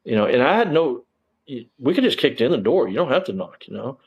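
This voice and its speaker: A man's voice: medium pitch, sing-song, brisk, breathy edge, muffled recording. A man, a former police officer telling his story in a casual interview, rambling with lots of fillers and frank swearing.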